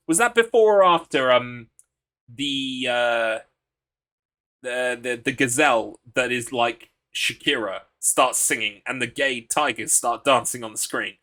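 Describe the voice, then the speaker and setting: A man's voice: mid-range voice, normal speed, bright, forceful tone. A man streaming a horror game live, chatting casually in a rambling, crude, joking way with plenty of fillers.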